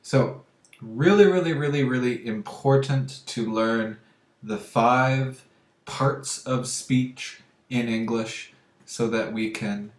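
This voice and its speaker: A man teaching a grammar lesson to English learners, speaking slowly and deliberately and often checking understanding with "okay?". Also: medium pitch. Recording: echoey room.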